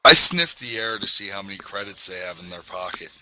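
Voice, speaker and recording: A man's voice: deep voice, lively intonation, brisk, pushed and bright, rough recording. A man playing a tabletop game and describing his character's actions in a rambling, casual way. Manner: rambling, laughs at himself. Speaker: player.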